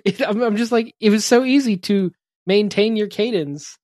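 A man who is a parent and podcast co-host chats casually, telling funny stories in halting bursts, chuckling often and cutting himself off mid-sentence. His voice is high and a little mellow, recorded in studio quality with no echo.

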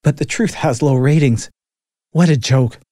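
A man's voice: fairly high pitch, measured pace, mellow, no room sound, clean studio sound, voice pushed up, lightly acted. A man narrating a story, voicing an angry, stubborn woman skeptic with a scornful, grumbling manner.

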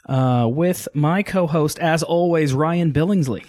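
A man's voice: on the high side, normal speed, hardly any pauses, a little mellow, no echo, studio quality. A man hosting a casual podcast, joking and laughing often as he chats with his co-hosts. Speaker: podcast host. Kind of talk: casual chat.

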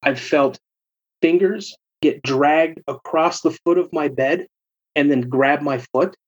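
A man's voice: fairly high pitch, slow, breathy edge. A young man telling a personal ghost story in a casual way, acting out his friends' voices. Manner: animated, acts out quoted friends. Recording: dull lo-fi recording.

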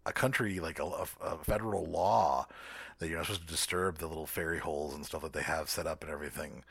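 A man's voice: extremely low pitch, fast, gravelly, noisy background. A man co-hosting a podcast in casual chat, rambling with lots of restarts and fillers. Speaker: podcast co-host.

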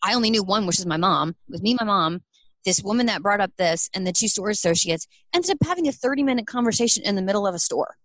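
A woman's voice: mid-range voice, lively intonation, fast talker, fairly bright tone, no echo. A middle-aged woman who runs a small clothing business, answering interview questions earnestly and acting out quoted dialogue.

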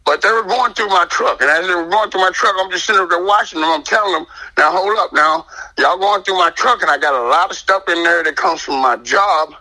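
A man telling an animated personal story as a guest, emphatic and indignant, acting out the dialogue. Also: high-pitched, a little fast, low-quality recording.

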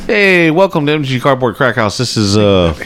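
A man's voice: mid-range voice, sing-song, brisk, fairly bright tone, slight background noise. A man hosting a podcast, teasing his friends and rambling in casual banter. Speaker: podcast host.

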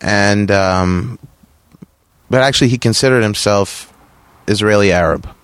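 A man with a fairly low voice chats casually, spinning a long story and laughing between lines. His delivery is animated, and the sound is dry and close, with no room echo. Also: unhurried, clean tone.

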